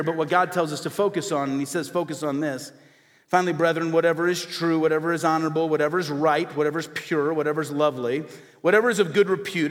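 A male pastor preaching a sermon to his church, with emphatic repeated refrains and call-and-response. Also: a little high. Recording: hall reverb.

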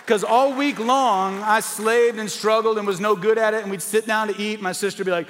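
High-voiced male pastor preaching in a reverberant church. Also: fairly even intonation, moderate pace, few pauses, fairly bright tone, a faint crowd, a little hiss or hum. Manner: storytelling preacher, emphatic and conversational. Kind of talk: sermon.

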